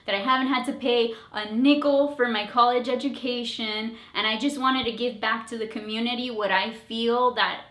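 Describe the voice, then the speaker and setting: A woman's voice: a little high, moderate pace, few pauses, echoey room. A young woman, a nurse, telling a story to her viewers in a casual vlog, acting out her own thoughts. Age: young adult. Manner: animated, acts out her own thoughts in quotes. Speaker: nurse vlogger.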